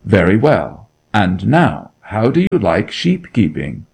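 A man's voice: fairly low pitch, wildly swooping pitch, slow, vocal fry, darkish tone, breathy edge, exaggerated voice. A man reading a story aloud, voicing a grim and menacing duke who interrogates with cold authority. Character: grim, menacing nobleman, a middle-aged duke.

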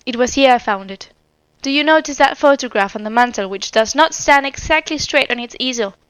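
A woman voicing a calm, clever young sleuth. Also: high voice, fairly quick, smooth, dry recording. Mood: gentle. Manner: quiet, tender, assured.

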